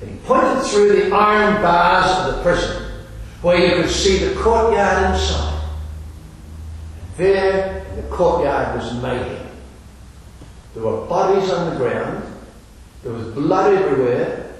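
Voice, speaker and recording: A man with a fairly high voice tells a dramatic story, expressive and deliberate, pausing for effect. His voice comes from far off and rings around a large hall.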